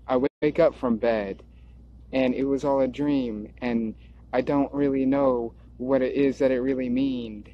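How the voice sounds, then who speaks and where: A man rambling in a stream-of-consciousness monologue, drifting, repeating words and circling back on his thoughts. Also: medium pitch. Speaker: video creator. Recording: dull lo-fi recording.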